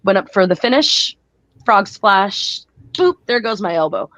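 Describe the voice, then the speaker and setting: A woman's voice: medium pitch, sing-song, unhurried, fairly bright tone, no room sound, low-quality recording. A woman being interviewed about her wrestling career, telling stories casually with frequent laughs. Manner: chatty, laughs often, acts out quotes. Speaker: guest wrestler.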